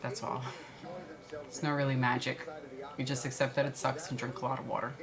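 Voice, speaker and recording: A woman's voice: very deep voice, level tone, fairly quick, crowd noise. A woman with a light Brooklyn accent co-hosting a livestream, chatting casually and answering viewer questions. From New York. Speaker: stream co-host.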